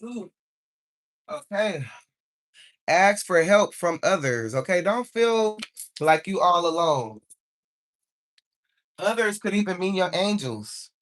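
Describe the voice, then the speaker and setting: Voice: medium pitch, lively intonation, takes it slowly, pauses often, fairly bright tone. Live intuitive card reader, chatty and encouraging, tags "okay?" after each point. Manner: encouraging, repeats "okay?" often; informal speech, calls on angels.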